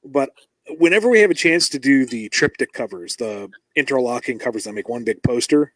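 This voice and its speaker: A man's voice: medium pitch, a little fast, no room sound, rough recording. A man, a comic book writer, talking casually and enthusiastically in an interview. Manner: enthusiastic, animated when quoting others.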